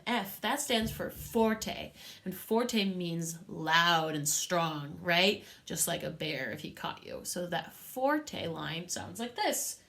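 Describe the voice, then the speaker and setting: A woman's voice: mid-range voice, a bit bright. A woman teaching a music lesson to young children, patient and encouraging, with a sing-song teacher manner.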